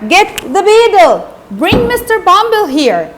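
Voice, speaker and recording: A woman voicing an angry workhouse master who shouts in outrage at a boy. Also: very high-pitched, very animated, slow, slight background noise, pitched above the performer's own voice, full character voice. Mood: outraged.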